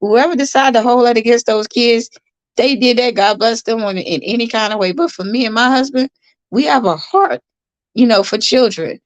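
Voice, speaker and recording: A woman's voice: fairly high pitch, normal speed, no room sound, low-quality recording. A woman hosting a casual livestream, chatting earnestly about foster parenting and reading out viewer comments, often repeating herself for emphasis.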